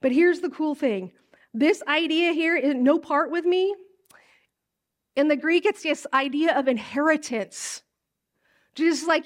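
High-voiced woman pastor preaching. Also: normal speed. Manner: casual, animated, acts out lines in a high voice. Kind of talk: sermon teaching from scripture.

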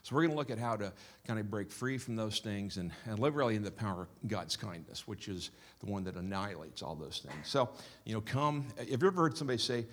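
A man giving casual church announcements and a short prayer, rambling and halting with many fillers. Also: on the low side, expressive.

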